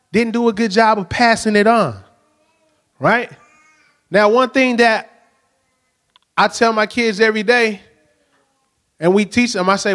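A middle-aged pastor with a high, fairly bright voice preaches a sermon conversationally. He often checks in with the congregation, asking the crowd "right?"

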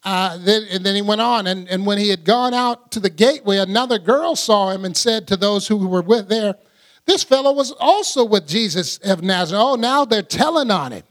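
A man's voice: high-pitched, a little fast, hardly any pauses. A man preacher giving conversational Bible teaching, chatty, laughing often and acting out scenes.

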